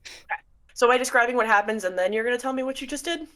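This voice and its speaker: A woman's voice: fairly high pitch, racing, fairly bright tone. A woman narrating a tabletop role-playing game as game master, laughing often and breaking into character voices.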